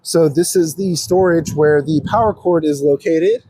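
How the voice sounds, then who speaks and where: A man from an RV dealership walking viewers through a trailer, explaining each control in a steady, practical, step-by-step way. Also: on the high side, moderate pace, a little hiss or hum. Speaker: RV dealership salesperson giving a walkthrough. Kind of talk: casual walkthrough demonstration. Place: outdoors around an RV, then inside it.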